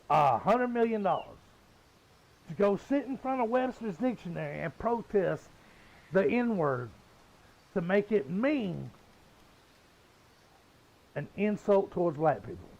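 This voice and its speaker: On poor audio, a high, creaky male voice belongs to a Southern US man in his fifties. He's gaming and ranting bluntly, with plenty of swearing.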